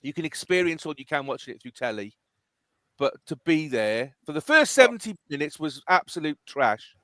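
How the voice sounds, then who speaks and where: An animated, emphatic middle-aged man hosts a casual podcast. His voice sits a little high for a man and sounds close and dry, with no room around it. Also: moderate pace, no room sound. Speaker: podcast host.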